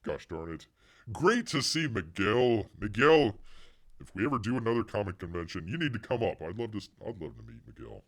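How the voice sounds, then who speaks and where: A man's voice: fairly low pitch, big pitch swings, a little fast. A man hosting a casual livestream, rambling and talking about himself in the third person, his voice getting worn. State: losing his voice. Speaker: livestream host.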